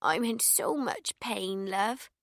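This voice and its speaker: A woman reading the part of a nosy, chatty old neighbour lady. She drawls her words slowly and pitches up into shrill yelps when in pain. The sound is dry and close. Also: animated, a bit bright, no echo. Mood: whimpering. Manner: slow, fussy and friendly, shrill cries when hurt. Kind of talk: audiobook character voice.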